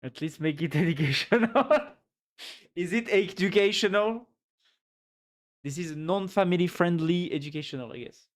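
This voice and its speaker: French guy streaming, kinda high voice, laughs a lot, repeats words figuring out his english. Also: normal speed, pauses often. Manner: laughs often, repeats words while searching for English phrasing. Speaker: livestreamer. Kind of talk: casual chat reacting to a video on a live stream.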